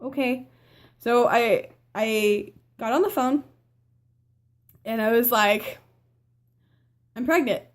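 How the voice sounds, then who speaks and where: A woman's voice: on the high side, fairly even intonation, takes it slowly, long pauses. Chatty teenage girl vlogging. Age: teens. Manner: chatty, rambling with fillers and self-corrections; acts out family members' lines in quotes. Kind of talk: casual storytelling to camera.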